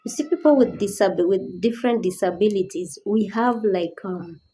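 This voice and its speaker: A woman's voice: mid-range voice, moderate pace, mellow, slight background noise, poor audio. A woman giving a personal awareness talk as a disability advocate, earnest and pleading, rising to indignant questions.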